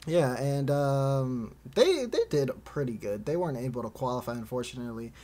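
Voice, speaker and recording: A man hosts a casual esports podcast, rambling with frequent fillers and laughing often. His voice is medium-pitched, expressive, and mellow, at a normal speed.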